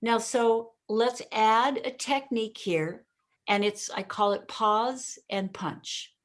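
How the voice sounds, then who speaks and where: A woman giving a podcast interview as a communication coach, speaking emphatically, pausing and punching key words, often addressing the host by name. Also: a little high. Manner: emphatic, deliberate punchy delivery with pauses.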